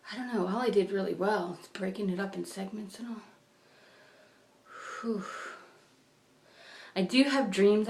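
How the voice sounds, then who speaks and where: A middle-aged woman chatting at home in a rambling personal vlog, meandering from thought to thought and sometimes dropping to a whisper. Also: mid-range voice. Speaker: vlogger. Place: her home. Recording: echoey room.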